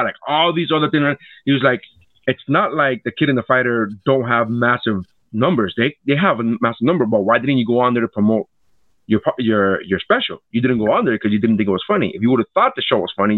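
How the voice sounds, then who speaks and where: A man's voice: medium pitch, quick pace, no echo. A man, a comedian co-hosting a casual podcast, telling stories with lots of swearing and acting out what others said. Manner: animated storytelling, acts out quotes, swears often. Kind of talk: casual chat. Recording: tinny phone-like dry sound.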